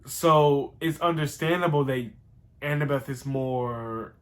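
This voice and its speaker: A man casually rambling through a show recap, excitable and slangy, with some swearing. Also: mid-range voice, slow.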